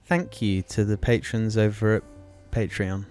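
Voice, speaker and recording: A man's voice: fairly low pitch, little pitch movement, a little mellow, soft background music. Teasing man hosting a comedy podcast. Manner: jokey, teasing, quick to laugh. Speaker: podcast host.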